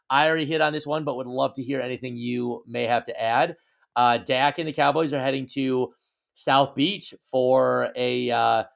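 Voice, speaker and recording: A man's voice: medium pitch, vocal fry, a bit bright. A man co-hosting a casual sports podcast, teasing and joking as he talks. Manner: playful, teasing, jokey. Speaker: podcast co-host.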